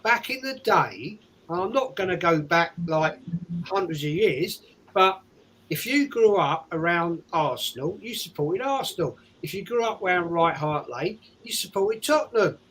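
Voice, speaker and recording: A man's voice: high voice, expressive, normal speed, fairly bright tone, slight background noise, poor audio. A man co-hosting a casual chat on a video call, insistent, swearing and repeating himself. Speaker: co-host.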